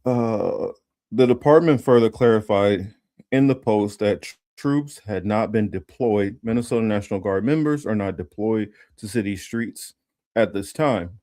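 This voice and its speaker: A man with a lowish voice hosting a casual political livestream. He rambles with lots of ums and restarts, breaking off to read news items aloud. The sound is dry and close, with no room around it. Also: measured pace, dark tone, dry recording. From Los Angeles area. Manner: rambling, many fillers and restarts; reads news text aloud. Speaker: political commentary host.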